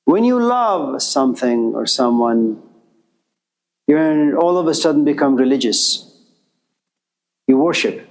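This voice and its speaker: A man's voice: on the high side, rough recording. A man telling a story in a talk, acting out the voices of its figures as he goes. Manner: animated storyteller, acts out voices. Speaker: lecturer.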